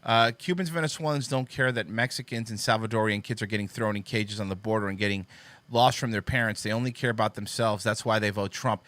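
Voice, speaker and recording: Male talk host with a bright, forceful voice on a dry close mic; sarcastic and profane. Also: fairly low pitch, fairly even intonation, quick pace, no echo. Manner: sarcastic and profane, reading posts aloud and mocking them. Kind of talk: political commentary show.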